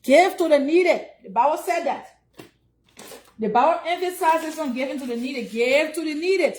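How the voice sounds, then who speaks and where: Liberian woman streamer, high voice, chatty, preaches about giving. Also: normal speed, a little hiss or hum. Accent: Liberian English. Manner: chatty and preachy, urging donations. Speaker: livestream host. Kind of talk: casual livestream chat.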